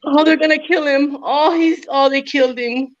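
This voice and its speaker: A man voicing an older grandmother who yells at a soap opera on TV, shrill and panicky. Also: steady tone, normal speed, dry recording, natural voice. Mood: scolding, frantic. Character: frantic old grandma yelling at a telenovela. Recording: dull, muffled audio.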